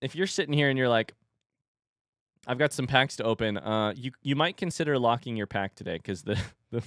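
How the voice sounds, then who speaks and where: A man streaming from home, chatting casually and telling an animated story between laughs. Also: medium pitch, smooth, dry recording, clean studio sound. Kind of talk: casual chat. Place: home room with a standing desk.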